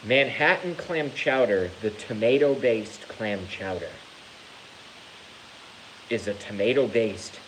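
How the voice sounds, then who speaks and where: A man vlogging to his channel in a casual rant, animated and theatrical, swearing freely. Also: on the low side, slow, noisy background. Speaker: YouTube vlogger.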